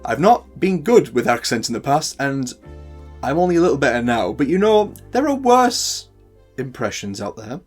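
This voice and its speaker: A man's voice: medium pitch, very animated, normal speed, husky, soft background music. A man with a northern English accent hosting a tutorial, chatty with playful asides. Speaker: host. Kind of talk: tutorial talk to camera.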